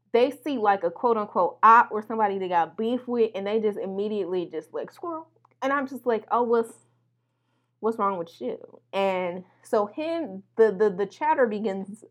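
A young adult woman from Milwaukee telling a profane, animated story straight to her listeners. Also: medium pitch. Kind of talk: casual storytelling to camera.

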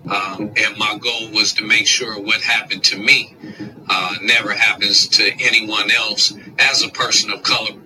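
Cannabis shop owner guy, firm & direct, really bright tone, kinda far from the mic. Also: lowish voice, level tone, unhurried, a little hiss or hum. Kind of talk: documentary interview.

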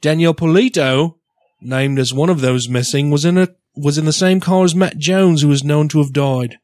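Man doing a mock British newsreader, stiff and formal, slightly high, dry sound. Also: normal speed, darkish tone, dry recording, lightly acted. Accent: put-on British. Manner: stiff formal news reading with stumbles. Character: adult male British newsreader.

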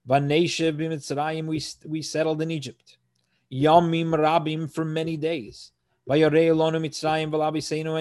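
A man with a somewhat high-pitched voice leads a verse-by-verse scripture lesson. He reads each Hebrew phrase aloud, then translates and explains it in an earnest teaching tone, often restarting his sentences as he works through the text. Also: a little mellow. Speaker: Torah teacher.

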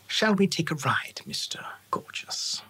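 A man's voice: fairly high pitch, animated, pushed and bright, slightly rough, pitched above the performer's own voice, full character voice. Man doing a whispering, menacing elf lord. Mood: cold. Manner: slow, cold, icy whisper. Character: tall, haughty, menacing male elf lord. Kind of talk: whispered role-play.

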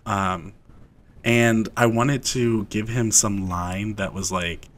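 A man's voice: lowish voice, fairly even intonation, takes it slowly, fairly bright tone. A young man co-hosting a podcast, telling a story in casual chat, rambling with lots of fillers and laughs. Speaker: podcast co-host.

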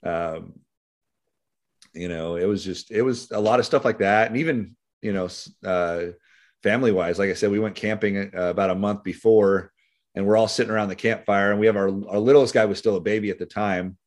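A man's voice: fairly low pitch, brisk. A middle-aged man with a Californian accent, a sheriff's deputy telling stories in a casual interview, rambling with many fillers. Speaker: sheriff's deputy and author, podcast guest.

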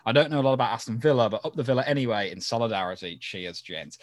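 A man's voice: mid-range voice, no echo. A man co-hosting a podcast, chatting casually and reading out listener mail with lots of fillers. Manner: chatty, many fillers, quick laughs. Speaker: podcast co-host.

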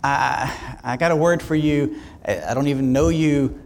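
A male pastor telling a story in a sermon, conversational and animated, acting out the dialogue. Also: on the high side, normal speed.

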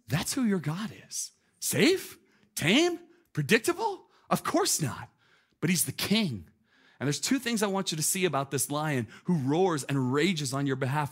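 A man in his thirties preaching a sermon, telling a story with animated, emphatic delivery and repeated phrases. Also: on the high side, measured pace, husky. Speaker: pastor.

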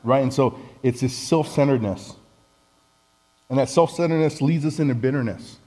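Mellow-voiced man preaching conversationally. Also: medium pitch, moderate pace, rough recording. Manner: candid, self-deprecating, conversational. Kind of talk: conversational sermon.

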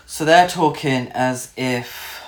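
A man co-hosting a relaxed chat about a film, laughing often, swearing freely and sometimes mimicking characters. His voice sits at an ordinary pitch. The room around him is echoey. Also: slow pace. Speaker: film review podcast co-host. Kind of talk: casual chat.

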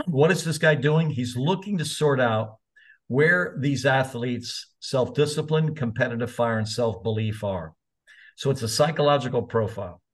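A man's voice: mid-range voice, normal speed. A man in his seventies, a college soccer coach, telling stories in a casual, candid way with the odd mild curse. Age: 70s. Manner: chatty, candid, mildly profane. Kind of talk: casual anecdotal storytelling.

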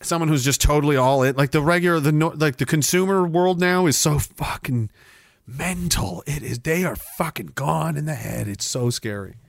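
A man's voice: on the high side, normal speed, gravelly, dry recording, studio quality. A man in his forties hosting a livestream, reading viewer comments aloud with profane, sarcastic banter and frequent laughter.

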